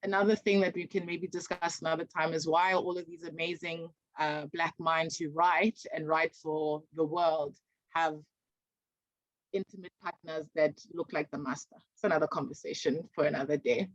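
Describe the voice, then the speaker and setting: A woman's voice: deep voice, fairly even intonation, moderate pace, no echo. A woman, speaking as a podcast guest in an emphatic, passionate way. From South Africa. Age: 20s. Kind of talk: podcast conversation. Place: remote video call. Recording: dull, dry video-call audio.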